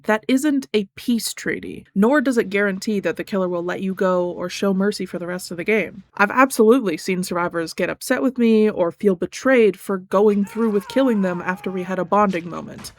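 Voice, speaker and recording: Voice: medium pitch, no room sound. Earnest gaming YouTuber reading a video essay. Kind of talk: scripted video essay narration.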